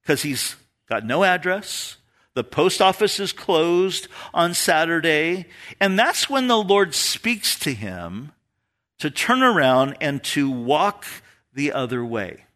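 Lively, bright-voiced man preaching. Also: on the high side. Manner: storytelling, animated, laughs at his own stories. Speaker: pastor. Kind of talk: sermon.

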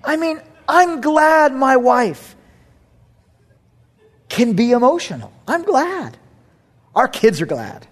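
A man's voice: very high voice, sing-song, slow, pauses often. A middle-aged male pastor preaching a sermon, emphatic, repeating key phrases with playful asides.

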